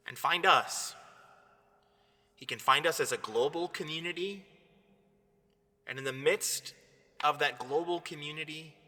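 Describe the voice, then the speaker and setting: A man, a priest, giving an earnest, measured devotional reflection. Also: medium pitch, pushed and bright. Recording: long hall reverb.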